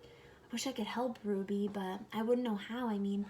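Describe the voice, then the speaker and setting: A woman reading aloud as a kind, tired father from a children's book, speaking softly. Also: medium pitch, steady tone, moderate pace, a little hiss or hum, lightly acted. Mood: gentle. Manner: soft, gentle.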